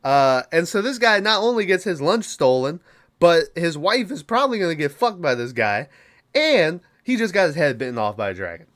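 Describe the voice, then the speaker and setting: A podcast host casually recapping a film, swearing a lot and rambling. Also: male voice, fairly high pitch, big pitch swings, normal speed, fairly bright tone. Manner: profane, rambling, laughing.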